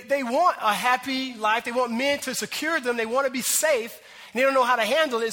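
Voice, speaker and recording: A man preaching a sermon as pastor, animated and acting out voices as he talks. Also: very high-pitched, long reverb tail.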